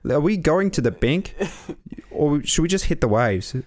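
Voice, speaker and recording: A brash, swearing Australian surfer bloke, as a man puts him on, loud and blokey in a put-on Australian accent. The pitch swings widely from line to line. It is comic podcast improv. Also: very animated, normal speed. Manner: swears freely, crude.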